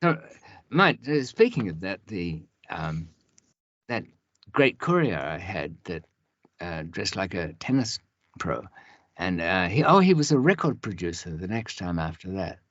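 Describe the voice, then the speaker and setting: Low-voiced man rambling through stories. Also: very animated, unhurried, a bit bright, dry recording, muffled recording. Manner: rambling, many restarts and asides. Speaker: podcast guest. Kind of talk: casual storytelling.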